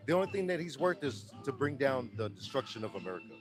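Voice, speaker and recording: A man with a Texan accent giving earnest, halting answers in a street interview, often restarting his words. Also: mid-range voice, big pitch swings, over music, rough recording.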